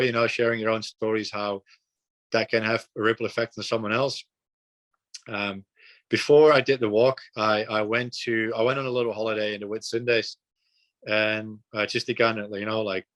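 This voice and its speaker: Young man from the Netherlands, low voice, relaxed podcast guest with lots of fillers. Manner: earnest, relaxed, frequent fillers and repeats. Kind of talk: casual storytelling.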